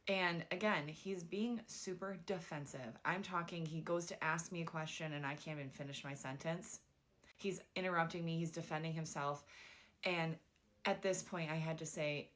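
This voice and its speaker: Young woman telling a dating storytime, kinda low voice, says like a lot. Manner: chatty, frequent "like" fillers, animated retelling. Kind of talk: casual storytime.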